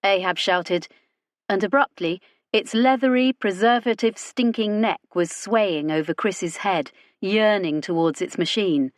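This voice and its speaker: A woman narrating a science fiction audiobook in a wry, even storytelling manner. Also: mid-range voice, a little slow, no echo, clean studio sound. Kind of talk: scripted narration.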